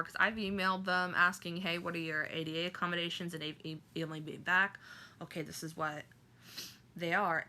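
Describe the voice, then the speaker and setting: A woman vlogger telling a personal story to camera, halting and emotional, with many fillers and restarts. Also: on the low side, pushed and bright.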